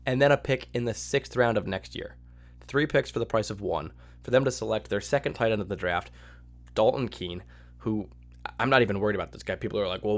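A man hosting a solo sports podcast, giving opinionated, excitable commentary and acting out his own reactions. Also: on the low side. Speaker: podcast host.

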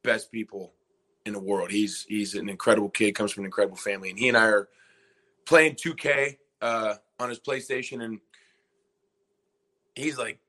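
A young man with a bright, forceful voice recounts a story on a podcast. He rambles through it and keeps slipping into quoted lines from himself and the people around him. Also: lowish voice, steady tone, moderate pace, pauses often. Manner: rambling, retells scenes by quoting himself and others. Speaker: podcast guest, former college basketball player. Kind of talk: casual storytelling interview.

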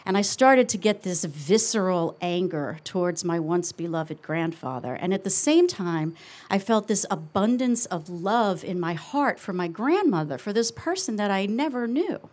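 A woman's voice: mid-range voice, expressive, darkish tone. Earnest middle-aged woman telling a story. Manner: earnest, confessional, with slow reflective pauses. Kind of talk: live storytelling.

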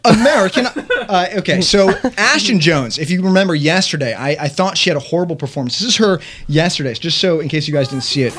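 A man's voice: fairly high pitch, expressive, brisk, few pauses, a bit bright. A man hosting a casual morning radio show, playful and joking. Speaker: radio host.

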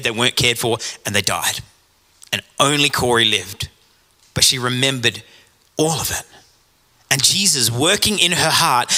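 A man's voice: mid-range voice, pushed and bright. A man preaching a sermon as pastor, earnestly pleading with questions to his congregation. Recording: reverberant hall.

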